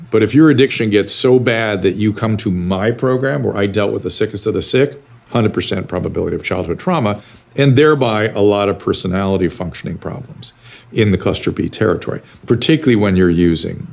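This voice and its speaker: An older man with a fairly low voice speaks as a psychiatrist guest in an interview. He answers bluntly and tells his stories with animation, lifting his pitch when he acts out exchanges. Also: creaky, a little mellow.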